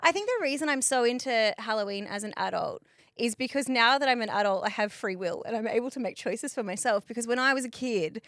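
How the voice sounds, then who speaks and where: A woman's voice: on the high side, a little fast, fairly bright tone, dry recording, clean studio sound. A woman co-hosting a podcast while unwell, chatting and holding back her laughter. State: unwell, coughs when laughing. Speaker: podcast co-host. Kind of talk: casual chat.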